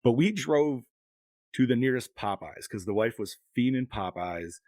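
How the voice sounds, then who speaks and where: Chatting casually as a podcast co-host, a middle-aged man tells long, wandering stories full of curse words. He speaks at a moderate pace in an animated, mid-range voice that's a little mellow, on a dry recording.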